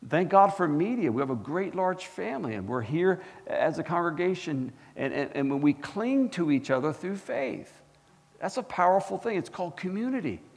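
A man preaching a sermon as pastor, animated and asking the congregation questions. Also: high-pitched, moderate pace, vocal fry, big-room sound. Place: church.

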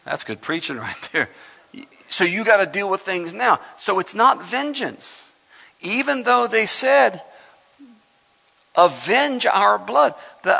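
Gravelly, bright-voiced male preacher. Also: high voice. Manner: emphatic, conversational preaching with dramatic scripture reading. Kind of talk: sermon. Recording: lo-fi sound in a reverberant hall.

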